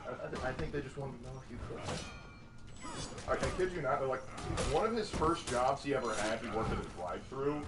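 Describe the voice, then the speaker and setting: A man co-hosting a game stream in casual chat, rambling quickly and animatedly as he reads viewer questions. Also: medium pitch. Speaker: stream co-host reading chat. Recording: distant echoey mic with loud noise.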